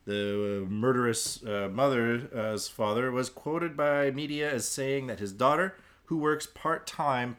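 A man co-hosting a casual podcast, reading news stories aloud and breaking off into dark jokes and asides. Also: medium pitch, a little slow. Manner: reads headlines then riffs with dark jokes. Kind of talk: casual comedic news chat.

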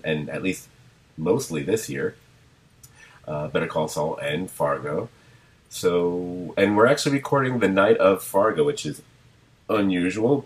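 A man hosting a podcast in relaxed conversation. His voice sits very low, and he laughs often and circles back on his own sentences as he talks. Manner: chatty, laughs often, trails into restarts. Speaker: podcast host. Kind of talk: casual chat.

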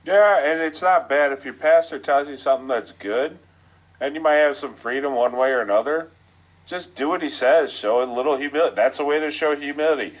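A man's voice: a little high, brisk, lo-fi sound. A man co-hosting a podcast, talking earnestly and plainly in casual chat.

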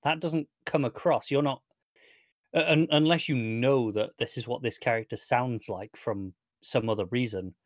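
Male co-host, measured and fair-minded, dry close mic. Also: mid-range voice, dry recording. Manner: measured, even-handed, with hesitant restarts. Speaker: podcast co-host. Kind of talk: casual comic review chat.

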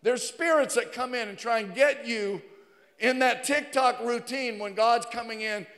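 Man preaching in a long-reverb church hall, high voice, swings from hushed to loud. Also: unhurried. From Virginia, USA. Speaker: pastor. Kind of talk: sermon. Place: church sanctuary.

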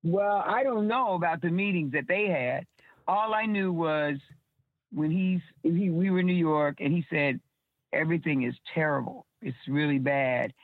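A woman's voice: lowish voice, moderate pace, dry recording. A woman telling stories as an interview guest, rambling and restarting her words over a phone line. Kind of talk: casual storytelling. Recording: tinny dry phone line.

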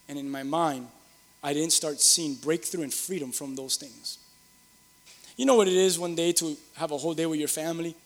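A man's voice: fairly high pitch, big-room sound. A middle-aged man preaching a sermon, earnest and repetitive, rising to emphatic peaks. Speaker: pastor.

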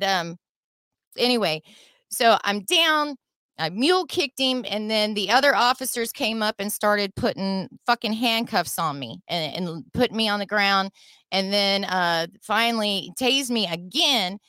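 Woman, middle-aged, podcast guest, profane animated storytelling, bright tense voice, dry sound. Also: medium pitch, clean tone, no room sound. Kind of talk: personal storytelling.

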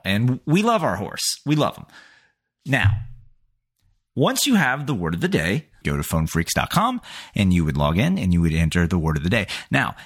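A man hosts a comedy podcast in a playful, hammy style. His voice sits a little low but swings up and down with lively energy. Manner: playful, hammy promo delivery. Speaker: podcast host.

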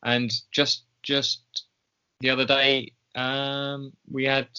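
Bright-voiced man in his forties. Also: medium pitch, monotone, slow pace, clear, resonant tone, lo-fi sound. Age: 40s. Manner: hesitant, lots of ums, laughing along. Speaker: podcast co-host. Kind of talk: casual comic chat.

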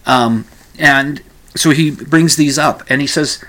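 A man's voice: medium pitch, normal speed, pushed and bright. A man hosting a casual commentary show, rambling through the news with frequent restarts and asides.

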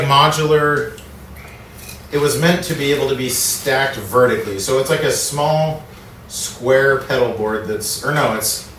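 A man's voice: medium pitch, fairly bright tone. A man co-hosting a podcast, chatting casually and thinking aloud with jokes. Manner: rambling, jokey, thinks aloud. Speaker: podcast co-host. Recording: echoey room, distant mic, faint hiss.

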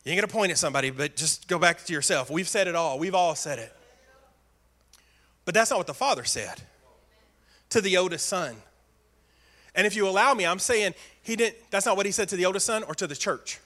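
A male pastor delivering a sermon with earnest emphasis and repeated phrases. His voice sits high and comes across bright and forceful. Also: animated, a little fast, pauses often.

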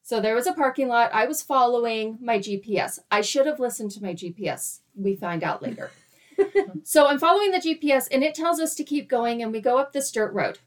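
A woman in her thirties tells a story in casual chat. Her voice sits fairly high. She stays animated, laughs often and acts out her own quoted lines. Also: fairly quick. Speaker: guest storyteller.

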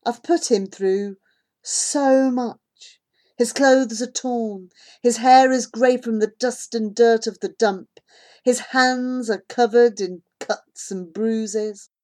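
A woman narrating an audiobook in an expressive, unhurried storytelling manner. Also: on the high side. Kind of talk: audiobook reading.

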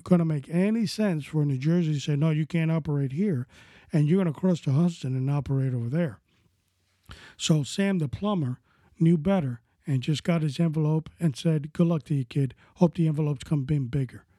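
Mellow-voiced man telling crime history. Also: fairly high pitch, dry recording, clean studio sound. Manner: speculative, conversational, fond of "of course" asides. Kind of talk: casual storytelling narration.

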